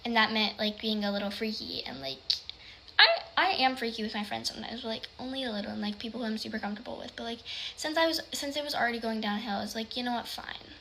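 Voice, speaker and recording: A woman with a bright, sharp, fairly high voice tells a personal storytime in a loose, casual way. She rambles, leaning on "like" again and again, and sometimes drops to a hushed whisper. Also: fast, slight background noise. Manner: rambling, heavy use of "like".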